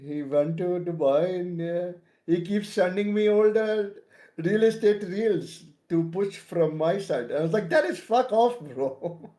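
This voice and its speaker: A man's voice: high-pitched, unhurried, mellow. A man streaming and chatting casually, laughing often as he tells stories.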